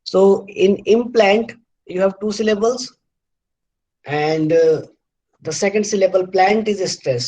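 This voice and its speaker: A middle-aged man lecturing on word formation, halting often with fillers and restarts and repeating words aloud to show their stress. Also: sits high, a little mellow, rough recording. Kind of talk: university lecture.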